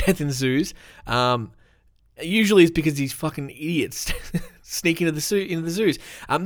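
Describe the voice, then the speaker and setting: This is a man hosting a casual podcast, swinging between rambling chat full of ums and plain reading of news. His voice sits somewhat high for a man. The sound is dry and close, recorded in a room at home. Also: no echo. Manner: rambling, sweary, self-deprecating, with many ums. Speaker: podcast host. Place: room at home with the window open.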